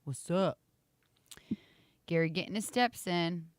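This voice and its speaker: A woman in her thirties with a slight rasp, co-hosting a morning show and chatting casually with viewers. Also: on the low side, takes it slowly, no echo. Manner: chatty, reads viewer comments aloud, laughs often. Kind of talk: casual live-stream chat.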